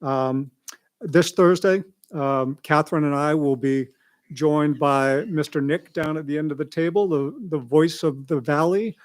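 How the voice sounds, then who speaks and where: At a school board meeting, a male school administrator gives a rambling, conversational report full of asides. His voice is a little high and his pace a little slow.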